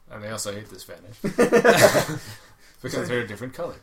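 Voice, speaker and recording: A man chatting casually on a podcast, sardonic, with dark humor. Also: mid-range voice, very animated, brisk, very noisy.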